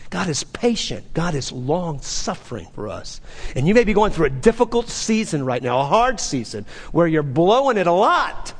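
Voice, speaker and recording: A man's voice: on the high side, in a large hall. A middle-aged man preaching a sermon, driving points home with repeated phrases and rhetorical questions. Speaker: pastor.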